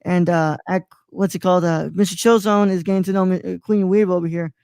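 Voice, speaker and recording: A man's voice: high voice, fairly even intonation, brisk, creaky, darkish tone, clean tone, dry recording. Man, twenties, from Mexico, live-stream host, rambling, filler-heavy, dry close sound. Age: 20s. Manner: rambling, filler-heavy, stumbles over names. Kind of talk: casual live-stream chat.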